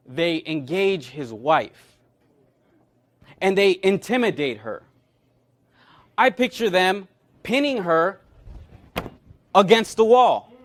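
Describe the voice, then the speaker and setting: A man with a high-pitched voice preaches a sermon. He retells a scripture story with energy and acts out the characters' lines as he goes. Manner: animated, acts out quoted characters. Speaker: pastor.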